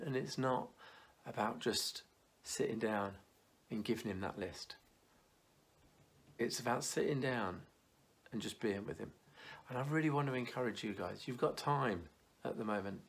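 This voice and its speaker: A man in his thirties gives a church youth talk, telling stories with energy before shifting into a quiet, earnest tone, stumbling into restarts now and then. His voice is mid-range with a breathy edge.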